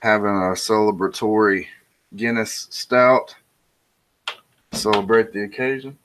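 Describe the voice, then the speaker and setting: A man's voice: on the low side, unhurried, a bit bright, slight background noise. A man hosting a casual monologue, telling a bar joke with restarts and asides. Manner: rambling, with restarts and self-commentary. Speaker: host.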